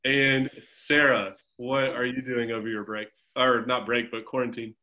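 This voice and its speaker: Young male coach, middle pitch, teasing and upbeat, heard over a video call. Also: flat delivery, measured pace, bright, forceful tone, a little hiss or hum. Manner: encouraging, chatty, teasing. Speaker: swim coach. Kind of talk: casual group video call check-in.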